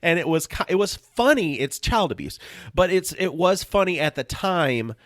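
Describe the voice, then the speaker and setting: A man's voice: high voice, normal speed, no echo, clean studio sound. A man co-hosting a podcast in casual chat, telling stories with lots of laughs. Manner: animated storytelling, laughs often. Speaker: podcast co-host.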